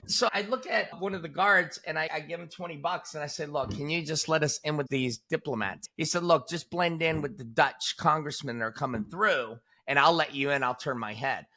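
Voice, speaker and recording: A man in his forties, a guest in an interview, telling stories in a punchy, animated way and tossing in "boom" for emphasis. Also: fairly quick, hardly any pauses. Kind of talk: casual storytelling in an interview.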